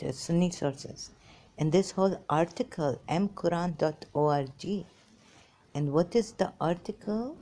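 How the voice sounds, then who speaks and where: A woman's voice: on the low side, mellow. A woman hosting a religious commentary monologue, rambling and emphatic, speaking non-native English and reading scripture passages aloud. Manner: emphatic, repetitive, swinging between muttering and exclaiming. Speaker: religious commentary channel host.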